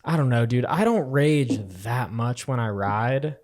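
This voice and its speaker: A man's voice: medium pitch, unhurried, darkish tone. A young man co-hosting a podcast, talking in a loose, profane, storytelling way. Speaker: podcast co-host. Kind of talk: casual chat.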